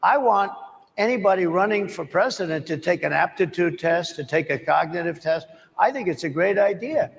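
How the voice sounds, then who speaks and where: A man with a somewhat high voice fires back at panel questions, repeating himself for emphasis. His voice rings out with a long reverb from a large hall. The talk is blunt and combative. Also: lively intonation, normal speed, vocal fry. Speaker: interviewee at a press panel.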